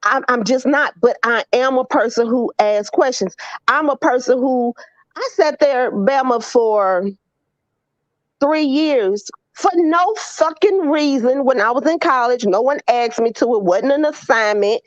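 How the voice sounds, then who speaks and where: A woman's voice: sits high, a little slow, no room sound. A woman co-hosting a casual vlog chat, earnest and questioning, with some profanity. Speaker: vlog co-host. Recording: slightly dull sound.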